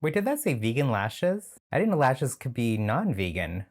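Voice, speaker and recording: A man's voice: mid-range voice, very animated, normal speed. A man hosting a reaction video, talking casually and sardonically and laughing often.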